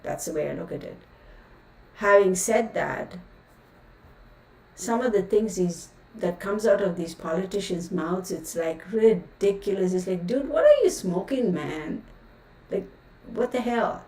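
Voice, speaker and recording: Her voice lowish and a little mellow, a woman who reads tarot hosts a livestream, casually venting her exasperation in outspoken, filler-heavy rants. A distant mic gives the audio a roomy sound.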